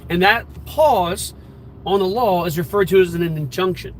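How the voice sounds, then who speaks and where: High-voiced man explaining casually from a car. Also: normal speed, a little hiss or hum, rough recording. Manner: conversational, plain-spoken, frequent restarts and fillers. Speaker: firearms instructor.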